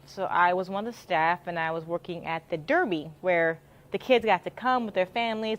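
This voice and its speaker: A woman's voice: fairly low pitch, lo-fi sound. A young woman from the Houston area telling a story in casual chat, upbeat and chatty, laughing often and repeating herself. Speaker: interviewee in a live stream.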